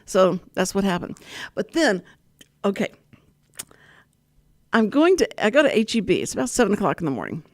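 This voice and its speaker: Older woman host, lively swooping delivery, chatty storyteller who laughs a lot. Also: medium pitch, moderate pace, long pauses. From Texas. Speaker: radio talk show host. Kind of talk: casual radio chat.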